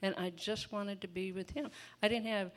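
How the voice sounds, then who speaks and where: A woman's voice: medium pitch, steady tone, moderate pace. A woman preaching an informal sermon in a chatty, folksy way, laughing often and breaking into asides.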